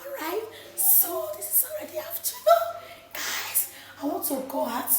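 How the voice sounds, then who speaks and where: A woman and mother with a hoarse voice, chatting casually to camera in her kitchen and laughing often. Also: very high-pitched, wildly swooping pitch, measured pace, reverberant, a little hiss or hum. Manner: chatty, laughing, addresses viewers as guys. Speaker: vlogger, mother. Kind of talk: casual vlog chat to camera. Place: home kitchen.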